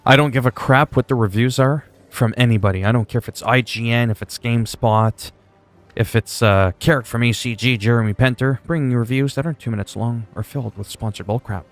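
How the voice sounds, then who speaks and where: A man's voice: mid-range voice, fairly quick, faint music behind. A male streamer chatting casually while playing a game, laid-back and rambling, with plenty of swearing. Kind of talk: casual gaming livestream chat.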